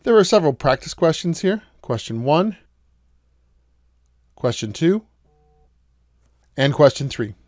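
A man's voice: fairly high pitch, big pitch swings, unhurried, pauses often, a little mellow, no echo. Patient man giving a dry math lecture. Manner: patient, explains step by step with questions to students. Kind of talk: recorded lecture.

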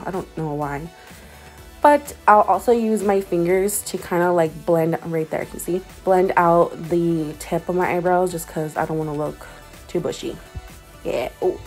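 Woman, lower register, relaxed rambling tutorial voice-over with light music under it. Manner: rambling, self-correcting, chatty with many fillers. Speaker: beauty vlogger. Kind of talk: casual makeup tutorial voice-over.

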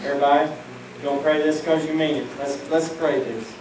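A man's voice: a little high, steady tone, fast talker, background noise. A man preaching with folksy fervor at a church service, leading his congregation in call-and-response prayer. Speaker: pastor. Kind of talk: fervent preaching. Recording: echoey church from a distant mic with music.

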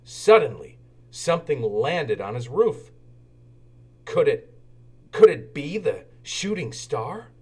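Husky man reading a children's story. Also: a little high, slow pace, pauses often. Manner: expressive, animated. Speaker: children's book reader. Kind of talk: storybook read-aloud.

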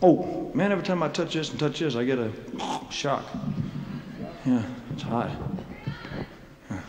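A man telling rambling, self-mocking stories from a concert stage, laughing between phrases and clearing a frog from his throat. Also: mid-range voice, animated, unhurried. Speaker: singer performing live. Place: large showroom stage. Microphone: stage microphone. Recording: echoey hall live concert recording, faint noise.

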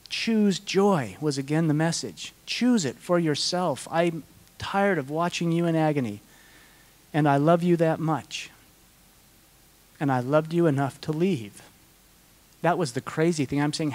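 Earnest middle-aged man speaker, slightly high voice, heartfelt Q&A storytelling. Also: unhurried, a little mellow. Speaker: conference speaker. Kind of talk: conference Q&A answer.

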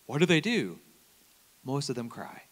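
A man's voice: medium pitch, sing-song, unhurried, long reverb tail. A middle-aged man preaching a sermon in a church. He talks to the congregation like a conversation and acts out short bits of dialogue. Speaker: campus minister preaching. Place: church sanctuary.

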